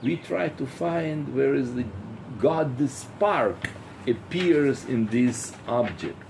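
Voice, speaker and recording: A man teaching as a rabbi in a philosophy lecture, halting with many fillers and acting out little dialogues. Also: medium pitch, lively intonation, creaky, darkish tone, a little hiss or hum. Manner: rhetorical, acts out dialogues.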